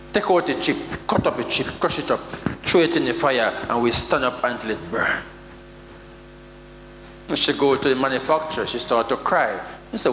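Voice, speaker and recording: A man with a Jamaican accent preaching a sermon, with sudden loud outbursts and mock prayers. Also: fairly high pitch. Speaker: prophet preaching. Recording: echoey hall with faint hum.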